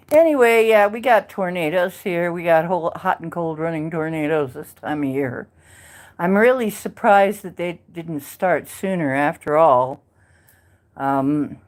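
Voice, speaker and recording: A woman hosting a casual livestream, chatting in a rambling way and replying to viewers in the chat. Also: sits low. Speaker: livestream host.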